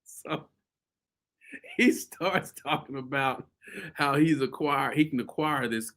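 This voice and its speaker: A man hosting a show, telling a story casually to his viewers, animated and laughing often. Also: medium pitch, slow pace. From US South. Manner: animated, laughing often, addresses audience as y'all. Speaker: host.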